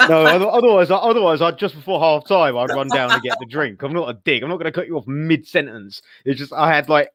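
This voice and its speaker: A man's voice: a little high, expressive, fast talker, few pauses, fairly bright tone, dry recording. Fan co-host, man, middle voice, dry sound, rambling storyteller. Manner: rambling, stammers on restarts. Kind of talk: casual chat.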